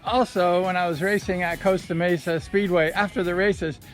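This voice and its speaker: A former motorcycle racer tells amused, self-deprecating stories in a chatty vlog, standing by the ocean at low tide with his dog. His high voice holds a fairly even intonation at a moderate pace. Background music plays beneath him.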